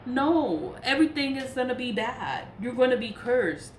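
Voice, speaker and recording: A woman's voice: a little high, lively intonation, normal speed. A woman spiritual practitioner in a casual vlog rant, blunt and profane, laughing between points. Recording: echoey room with faint noise.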